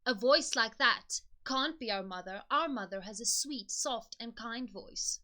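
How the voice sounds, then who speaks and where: A woman voicing a group of young goat kids in a fairy tale, speaking quietly, slowly and firmly. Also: on the high side. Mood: refusing.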